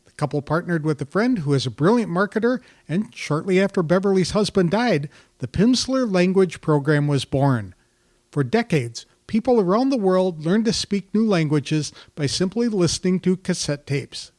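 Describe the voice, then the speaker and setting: An older man hosting a podcast, reading a measured prepared introduction to his guest. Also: sits high, animated, darkish tone, dry recording, clean studio sound. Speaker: podcast host. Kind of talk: scripted podcast intro and interview.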